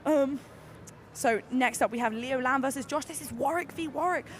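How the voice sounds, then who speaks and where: A woman with a fairly high voice calls a live sporting event, gushing and excitable and stumbling over her words. A busy venue murmur sits steadily behind her. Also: normal speed, slight background noise. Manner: excitable, gushing, with many fillers and restarts. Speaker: commentator.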